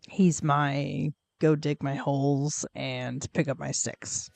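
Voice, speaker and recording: Slow, gravelly cozy game streamer. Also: medium pitch, a little mellow, no room sound. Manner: rambling and chatty, full of fillers, coos at in-game pets. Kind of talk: casual gameplay commentary.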